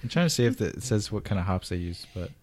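A man's voice: low voice, expressive, fast talker. A man co-hosting a casual beer tasting chat, chatty and hesitant, laughing often. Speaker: beer podcast co-host.

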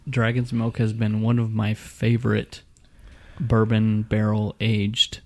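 A man's voice: lowish voice, monotone, takes it slowly, darkish tone. A man co-hosting a casual beer-tasting podcast, describing flavors and keeping the conversation moving in a wry, easygoing way. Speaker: podcast co-host.

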